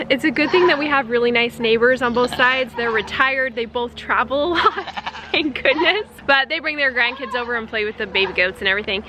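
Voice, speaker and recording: A woman in her forties talks to camera from a goat pen on her farm. Her voice sits high, and she is lively and playful. Goats bleat and the farmyard noise is heavy around her. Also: moderate pace. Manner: animated and joking, mimics goat screams. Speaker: farm vlogger. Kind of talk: casual chat to camera. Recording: noisy, goats bleating behind.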